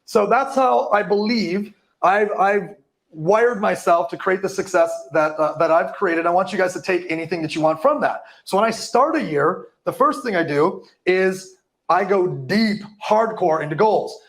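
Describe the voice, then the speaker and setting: A man's voice: sits high, moderate pace. A man giving a live motivational talk to an audience, hyped and profane, tripping over words now and then. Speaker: motivational speaker.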